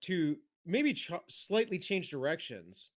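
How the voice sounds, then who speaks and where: A man rambling through a casual podcast chat, his voice rising and falling a lot. He sits a little high for a man and keeps restarting his sentences as he goes. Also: slow. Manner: rambling, animated, many restarts. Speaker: podcast co-host.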